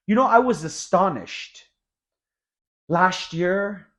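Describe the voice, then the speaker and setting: A man teaching English expressions, explaining each word in an energetic classroom manner and acting out the example sentences. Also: on the high side. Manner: animated, acts out example sentences.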